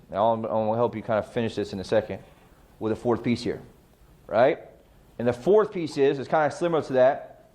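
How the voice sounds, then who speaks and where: In this real estate training talk, a middle-aged man with a mid-range, slightly mellow voice speaks fast. He keeps asking the class questions, then supplying the answers himself.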